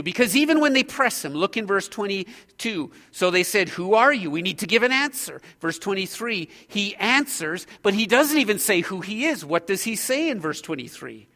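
A male preacher with a high, bright voice delivers an expository sermon. He is earnest and emphatic, building intensity as he drives his points home. His voice carries a long reverb from the hall around him. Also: very animated, normal speed, hardly any pauses.

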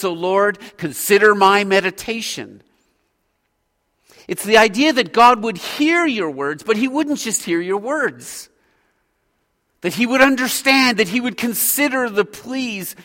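A man preaching a sermon as a pastor, earnest and measured, pausing between phrases. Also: high-pitched, bright, forceful tone. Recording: hall reverb.

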